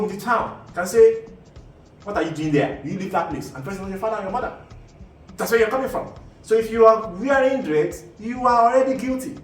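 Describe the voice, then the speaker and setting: A man with a Nigerian accent, hosting and explaining in a casual, rambling monologue full of "you know" asides and restarts. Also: sits high. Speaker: host. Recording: echoey room, mic at a distance, faint background ambience.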